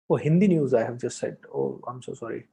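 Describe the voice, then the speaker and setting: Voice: mid-range voice, vocal fry, a bit bright. An English teacher with an Indian accent, talking through a casual lesson with many fillers and restarts. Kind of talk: casual spoken lesson, mixing in Hindi. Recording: dull lo-fi sound.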